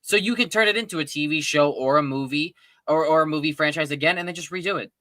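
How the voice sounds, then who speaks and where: Man, excitable fan chat, rambling with restarts, bright tense voice, dry close sound. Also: fairly high pitch, fast talker, no room sound. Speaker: podcast co-host. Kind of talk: casual fan discussion.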